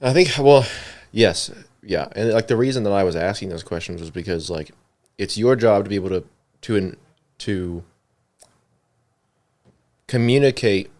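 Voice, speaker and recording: A man's voice: lowish voice, moderate pace, long pauses, a little mellow. A young man co-hosting a church podcast, chatting casually with lots of fillers and putting questions to his co-host. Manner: conversational, many fillers, asks questions.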